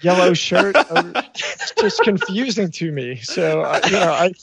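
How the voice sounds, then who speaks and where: A man's voice: sits high, sing-song, measured pace, gravelly, a bit bright. A man hosting a podcast in casual chat, joking and teasing his guest. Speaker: podcast host.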